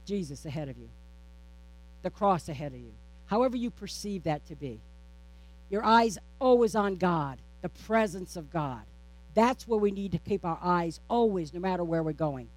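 In her sermon, a woman pastor holds a steady, repetitive preaching cadence, leaning on rhetorical questions and lighthearted self-teasing. Her voice is on the low side, at a moderate pace.

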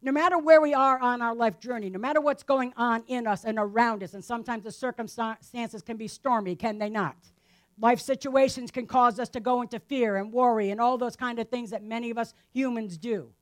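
A woman's voice: fairly high pitch, fairly even intonation, a little fast. A woman teaching a Bible passage in a casual, conversational sermon, often asking her listeners rhetorical questions and adding "right?" to her lines. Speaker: preacher.

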